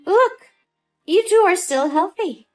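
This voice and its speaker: A woman's voice: very high voice, expressive, takes it slowly, darkish tone, soft background music, heavily acted. A woman voicing a scheming, cold-hearted older mother-in-law who talks with scorn and dismissiveness, in a dramatized story. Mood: contemptuous.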